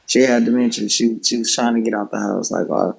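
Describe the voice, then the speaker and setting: A former home health care worker hosts a livestream, telling a story in a loose, rambling style packed with filler words. His lowish voice is fairly even in intonation, a little fast, with vocal fry, and the audio is poor.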